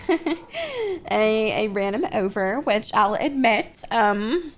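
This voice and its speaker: A woman's voice: fairly high pitch, sing-song, drawn-out words, slight background noise. A woman in a casual in-character roleplay chat, venting freely and swearing often as she tells a story. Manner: vents freely, heavy swearing, breezy filler like "blah blah".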